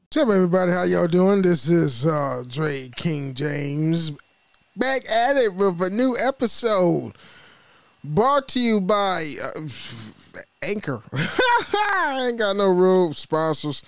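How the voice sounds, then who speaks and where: High-voiced, loose-talking male podcaster. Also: big pitch swings, takes it slowly, no echo. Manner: loose, profane, stumbling and self-correcting. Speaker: podcast host. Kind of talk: casual podcast monologue.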